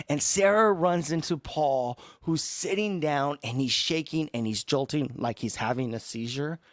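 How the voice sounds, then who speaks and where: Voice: medium pitch, no echo. A podcast co-host recapping a horror film in casual chat, sarcastically lecturing the characters.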